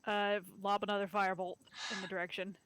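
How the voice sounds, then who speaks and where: Bright woman calling out dice rolls. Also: mid-range voice, little pitch movement, fast. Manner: terse, calls out rolls. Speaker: player. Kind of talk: casual tabletop play.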